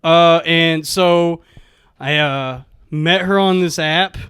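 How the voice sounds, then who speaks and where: A young man telling a comic story on a podcast, deadpan and halting, with many fillers. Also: on the high side, clear, resonant tone, no room sound, clean studio sound. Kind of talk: casual comedic storytelling.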